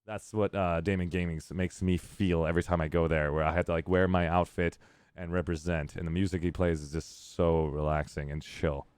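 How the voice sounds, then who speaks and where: Deep-voiced man hosting a game stream. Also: flat delivery, a little fast, darkish tone, smooth, dry recording, studio quality. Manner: upbeat, rambling, laughs often. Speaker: streamer host. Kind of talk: casual live-stream chat.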